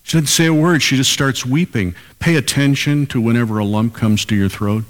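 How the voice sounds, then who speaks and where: A man's voice: medium pitch, brisk, in a large hall. An older man preaching a sermon as pastor, emphatic and repeating key lines for weight.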